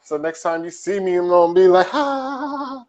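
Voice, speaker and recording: A man co-hosting a podcast who trades loose, slangy jokes. His voice sits fairly high for a man. The recording sounds dull and lo-fi. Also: little pitch movement, quick pace, a little mellow. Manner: loose, joking, slangy banter. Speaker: podcast co-host. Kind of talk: casual podcast chat.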